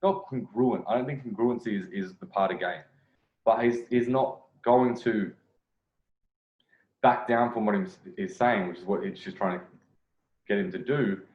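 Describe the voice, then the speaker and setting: A man comments on a video as a dating coach, blunt and casual, with swearing dropped in and phrases restarted mid-thought. His voice sits on the lower side. The recording is roomy and echoey, with a dull, lo-fi tone. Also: normal speed, long pauses. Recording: echoey room, lo-fi sound.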